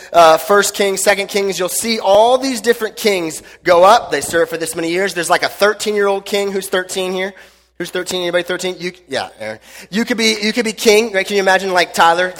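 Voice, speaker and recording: Youth pastor, male, high voice, jokey and chatty with the kids, long hall echo. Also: a bit bright. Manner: joking, chatty, uses lots of slang fillers. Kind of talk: casual youth sermon.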